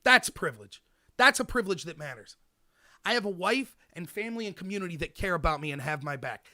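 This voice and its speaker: A man's voice: high-pitched, fast. A man hosting a political talk show, giving an opinionated monologue and speaking straight to his listeners. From United States. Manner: animated, opinionated, addresses listeners directly. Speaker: host.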